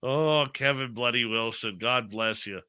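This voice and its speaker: A man's voice: medium pitch, measured pace, bright, forceful tone, clean tone. A man from Canada hosting a radio show, reciting a bawdy comic song in a rowdy mock accent and then chatting.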